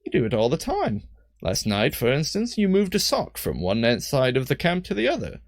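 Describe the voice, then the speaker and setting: A man's voice: mid-range voice, wildly swooping pitch, no room sound, studio quality, voice pushed up. A man putting on a wise female mage in a wobbly British lilt. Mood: knowing. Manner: attempted British accent, halting. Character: female mage companion, calm and knowing.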